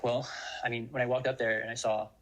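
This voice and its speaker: A man's voice: medium pitch, level tone, fast, a bit bright, poor audio. A father giving an earnest personal statement, explaining his actions. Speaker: guest in a recorded statement. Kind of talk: personal testimony.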